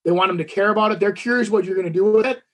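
A man with a high, husky voice hosts a relaxed podcast conversation. He tells rambling stories full of fillers and restarts. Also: very fast. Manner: talkative storyteller, many fillers and restarts. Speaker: podcast co-host. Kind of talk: casual chat.

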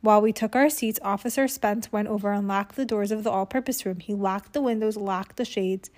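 A woman reading a children's book aloud to a child, with expressive storytelling and chat in between. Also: mid-range voice, brisk. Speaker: reader.

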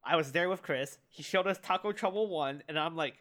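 A man telling a story in casual chat, animated and mimicking his friends. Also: fairly high pitch, fairly quick.

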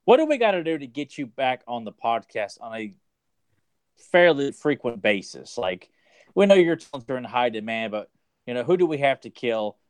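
A man's voice: medium pitch, big pitch swings, normal speed, clean tone, no echo. A man co-hosting a podcast, joking and rambling as he welcomes the guest back. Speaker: podcast co-host. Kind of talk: casual chat.

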